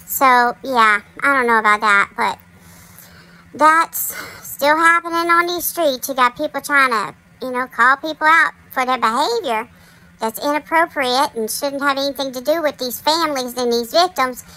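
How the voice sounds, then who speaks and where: Chatty high-voiced woman host. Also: normal speed, pushed and bright, rough recording. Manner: chatty, talks straight to viewers. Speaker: commentary channel host. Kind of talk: casual commentary monologue.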